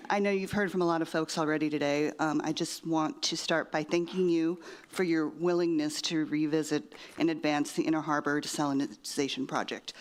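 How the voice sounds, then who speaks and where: A woman giving a public comment at a city council meeting, speaking politely and appreciatively with a few hesitant ums. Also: deep voice.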